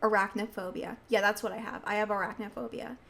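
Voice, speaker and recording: A woman's voice: medium pitch, steady tone, fast talker, vocal fry, a bit bright. A teenage girl hosting a casual podcast, talking in a chatty, giggly way with many fillers as she tells stories. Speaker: podcast host. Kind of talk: casual rambling monologue.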